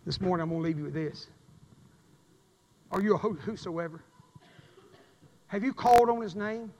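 A high-pitched preacher with a gravelly, fry-edged voice, delivering an impassioned sermon. He drops low and soft, then surges loud and emphatic. His words ring with the long reverb of a big church hall. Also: moderate pace, a little hiss or hum. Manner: emphatic Southern preaching, swings from quiet to loud. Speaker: pastor. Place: church sanctuary.

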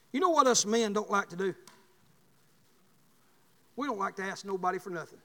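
A man preaching a sermon, telling folksy stories and rising to loud bursts. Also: high-pitched, lively intonation, moderate pace, big-room sound.

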